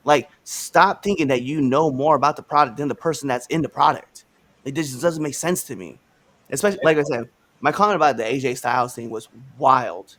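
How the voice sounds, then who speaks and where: A man hosting a live podcast, ranting in a casual, animated way with slangy asides. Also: medium pitch, a little fast. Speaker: podcast host.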